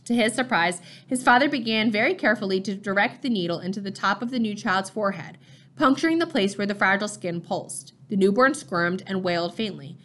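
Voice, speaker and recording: A woman narrating a novel chapter in a steady, measured storytelling voice. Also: mid-range voice. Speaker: audiobook reader.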